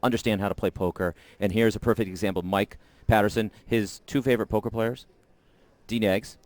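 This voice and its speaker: A low-voiced man co-hosts a poker broadcast, recorded dry and close. He mostly adds brief affirming remarks to the conversation. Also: fairly even intonation, a little fast, no room sound. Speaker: co-host. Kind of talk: broadcast commentary.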